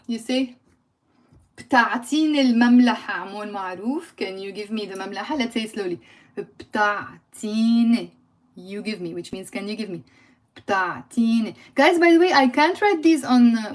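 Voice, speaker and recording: A woman with a Lebanese accent runs a live language lesson, repeating words and calling out to viewers by name. She laughs easily and keeps the tone playful. Her voice sits a little high. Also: a little mellow. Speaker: Lebanese Arabic teacher. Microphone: phone or computer mic on a livestream.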